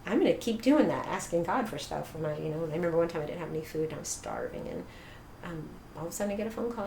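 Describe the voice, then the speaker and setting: A middle-aged woman telling her personal story as an interview guest, animated, laughing often and acting out quoted dialogue. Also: fairly low pitch, rapid-fire, creaky. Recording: echoey room with faint noise.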